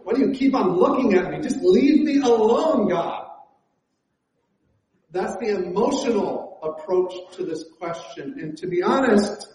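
A man's voice: high voice, warm tone, lo-fi sound. A man preaching a conversational sermon as pastor, with frequent fillers and restarts. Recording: echoey church hall.

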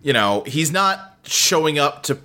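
A man's voice: a little high, sing-song, unhurried, bright, forceful tone. A man hosting a casual podcast chat, talking animatedly with many fillers and restarts. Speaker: podcast host.

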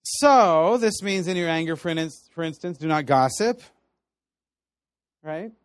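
A man with a fairly high voice preaches in a relaxed, conversational way, telling stories with plenty of animation. The sound is dry and close, with no room echo. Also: measured pace, clear, resonant tone. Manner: conversational, animated storytelling with laughs. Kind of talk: sermon teaching.

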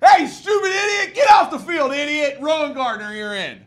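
Picture a Little League coach who has lost all patience, bellowing insults across the field in a shrill, cracking voice, as a man puts him on. He is loud, high and mean. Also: sing-song, moderate pace, heavily acted. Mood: yelling furiously. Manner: shouting, high-pitched outbursts.

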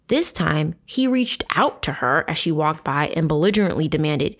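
A young adult woman hosting a true crime podcast, telling stories in a casual, profane, animated way. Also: sits low, normal speed, hardly any pauses. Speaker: podcast host.

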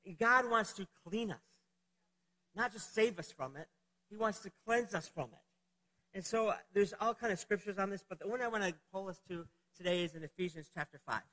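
High-voiced man preaching casually. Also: fairly quick, sharp tone, long reverb tail, low-quality recording. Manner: conversational, rambling with many fillers. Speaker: pastor. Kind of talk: sermon with a personal story.

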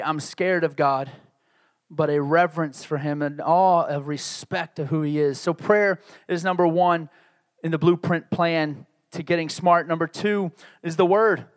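High-voiced joking preacher. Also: male voice. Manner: conversational, joking preacher who builds to emphatic peaks. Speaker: pastor. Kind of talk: sermon.

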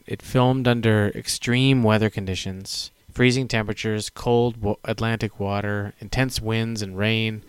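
A man's voice: on the low side, clean tone, no room sound. A man hosting a casual film chat, eagerly adding detailed behind-the-scenes trivia. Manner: detailed, enthusiastic trivia sharing. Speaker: podcast host.

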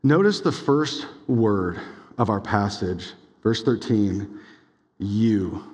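A young adult man preaching a sermon as pastor, casual and animated, full of "like"s and quick asides. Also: lowish voice. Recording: long hall reverb.

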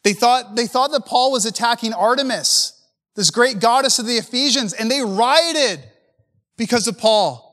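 Impassioned high-voiced man preaching in a hall. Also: normal speed, fairly bright tone. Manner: impassioned, conversational with rhetorical questions. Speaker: pastor. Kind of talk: preaching to church leaders.

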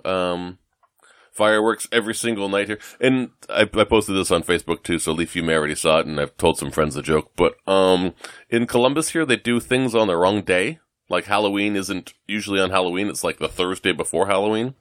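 A man from the United States rambles through a casual chat as a podcast co-host, trailing off and restarting with plenty of fillers. His voice sits fairly low, and the recording is dry and close with no room sound. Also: fairly quick, a bit bright, no echo. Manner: rambling, self-deprecating, lots of fillers and restarts.

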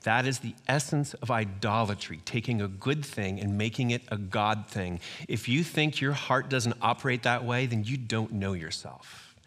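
A middle-aged man preaching a sermon in a lively, conversational storytelling way, often acting out voices. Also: medium pitch, moderate pace, hardly any pauses. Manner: animated, acts out quoted voices, conversational storytelling. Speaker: pastor. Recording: hall reverb.

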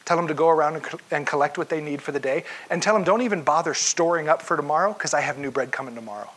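Young guy preaching, husky and bright, acts out the voices in the story, sometimes drops to a whisper. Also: on the high side, fast talker, low-quality recording. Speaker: pastor. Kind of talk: sermon.

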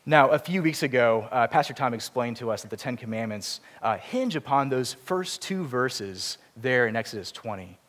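A man's voice: medium pitch, animated, moderate pace, hardly any pauses, a bit bright. A man preaching a sermon in a church, earnest and explanatory, with self-deprecating asides. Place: church sanctuary. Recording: long reverb of a church hall.

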